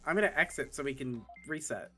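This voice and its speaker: Laid-back, bright-voiced woman gamer. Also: low voice, animated, fast, faint music behind. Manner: self-deprecating, laid-back. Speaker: co-host streamer. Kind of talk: casual gaming chat.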